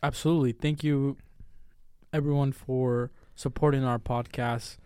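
A man's voice: mid-range voice, steady tone, a little slow, darkish tone, clean tone, no room sound, clean studio sound. A man co-hosting a podcast in casual chat, loose and profane, given to joking. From Mexico. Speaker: podcast co-host.

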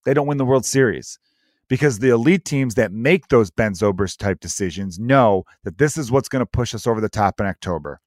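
A man hosting a solo sports podcast, rambling and opinionated, animated as he acts out other people's reactions. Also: fairly low pitch, a little fast, no room sound, studio quality. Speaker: podcast host.

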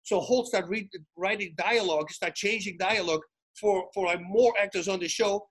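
A husky, breathy man with a high-set voice tells stories as a podcast guest. He is excitable and animated, restarts his sentences often, and acts out each quoted exchange. He sounds like a retired fighter looking back on his career. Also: moderate pace. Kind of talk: animated storytelling in casual chat.

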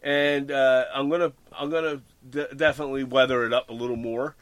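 A man's voice: medium pitch, fairly even intonation, a little fast, fairly bright tone, no echo. A man in casual chat, rambling and self-deprecating, with plenty of fillers. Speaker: model railroad hobbyist podcast host.

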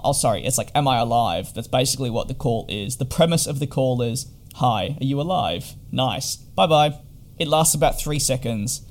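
A man's voice: medium pitch, darkish tone. A man chatting casually in a vlog about hotel quarantine, rambling and wry with lots of fillers. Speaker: vlogger.

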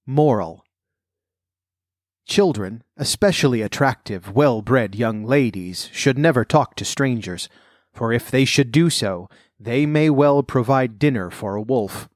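Measured male fairy tale reader. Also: medium pitch, animated, no echo, clean studio sound. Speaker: narrator.

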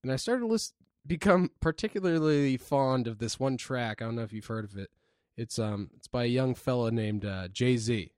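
A man co-hosting a podcast at a medium pitch, talking in a laid-back, meandering way with plenty of "you know" and "uh". His voice sits close and dry on the mic, with no room sound around it. He's easygoing and conversational, the way you'd talk to a friend. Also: normal speed, dry recording. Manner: laid-back, rambling storytelling with frequent fillers. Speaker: podcast co-host. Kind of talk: casual podcast chat.

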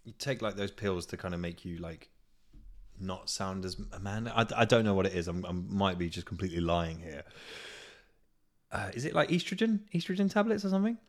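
Deep-voiced man telling gossip. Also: animated, a little fast. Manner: rambling, swears a lot, laughs at his own story. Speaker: podcast host. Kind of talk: casual storytelling monologue.

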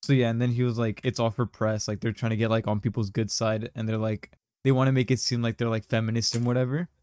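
A man's voice: medium pitch, little pitch movement, quick pace, darkish tone, no room sound, studio quality. A young man hosting a podcast, telling a story in casual chat with lots of slang and fillers. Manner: rambling, slangy, many fillers. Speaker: podcast host.

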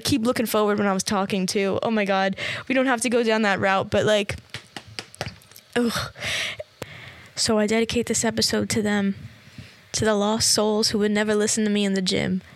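A woman's voice: mid-range voice, creaky, no room sound. A young woman from New York hosting a casual solo fitness podcast, talking chattily with constant fillers into a close mic. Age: young adult. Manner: chatty, filler-heavy, lots of "like". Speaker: podcast host and fitness trainer.

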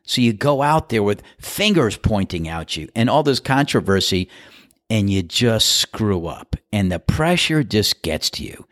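A middle-aged man with a fairly low voice delivers sports commentary on his podcast. He is opinionated and emphatic, letting his pitch leap on words he wants to stress. The sound is close and dry, with no room around it. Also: big pitch swings, unhurried, fairly bright tone, dry recording. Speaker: podcast host.

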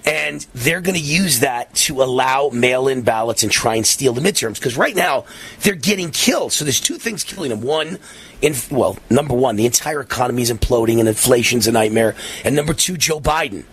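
Excitable, husky ranting male host. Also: mid-range voice, a little fast. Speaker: talk show host. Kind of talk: political commentary.

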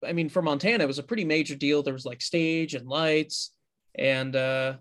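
A man co-hosting a podcast, talking in a loose, rambling way and often correcting himself as he goes. His voice sits a little higher than most men's. The talk is easygoing and conversational. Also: normal speed, a bit bright. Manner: rambling, self-correcting storyteller. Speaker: podcast co-host. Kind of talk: casual podcast chat.

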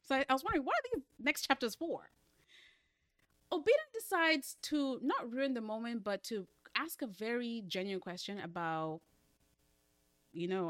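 A woman co-hosting a casual book discussion podcast, animated and laughing often, with playful asides. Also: a little high, normal speed, pauses often, dry recording.

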